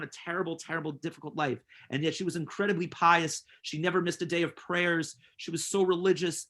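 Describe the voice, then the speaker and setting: Earnest rabbi, a man with a slightly high voice. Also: a bit bright. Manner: earnest, emphatic, repeats words for stress. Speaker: rabbi teaching a class. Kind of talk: inspirational class with storytelling.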